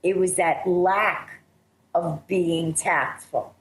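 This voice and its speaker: Radio psychic host, woman, low voice, emphatic and earnest, echoey studio with faint hiss. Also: steady tone, very slow. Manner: earnest, emphatic, laughs often. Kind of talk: radio talk show chat.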